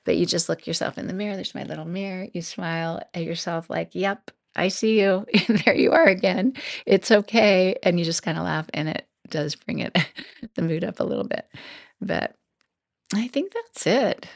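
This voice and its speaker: A middle-aged woman hosting a solo podcast, talking casually, thinking out loud and laughing often. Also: fairly low pitch, normal speed, gravelly, no echo, studio quality. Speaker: podcast host and coach.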